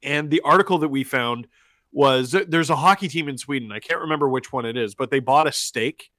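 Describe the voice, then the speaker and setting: A man chats on a podcast with a bright, forward voice. His recording is very dry and close. He tells stories with animated, quick energy. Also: mid-range voice, no room sound. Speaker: podcast host. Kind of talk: casual podcast chat. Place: remote from abroad, on a delay.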